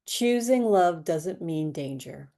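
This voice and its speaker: Soothing low-voiced woman guiding tapping. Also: animated, mellow. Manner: slow, soothing, repeats affirmations for listeners to echo. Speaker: tapping and meditation guide. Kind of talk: guided EFT tapping with affirmations.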